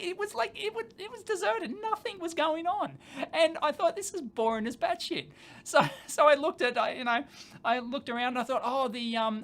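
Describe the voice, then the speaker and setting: A man's voice: very high voice, fairly bright tone. A man telling a story on a casual livestream. He rambles with lots of fillers and casual swearing. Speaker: channel host.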